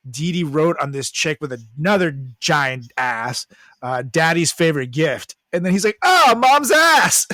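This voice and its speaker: A man's voice: fairly high pitch, fairly bright tone, dry recording. Podcast co-host, man, raised voice, crude storyteller, dry close sound. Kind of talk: casual podcast chat.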